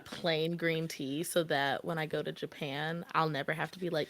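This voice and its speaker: A woman's voice: low voice, steady tone, normal speed, dry recording. A woman co-hosting a book podcast, chatting casually and teasing her friends, often breaking into laughs. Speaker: podcast co-host. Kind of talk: casual chat.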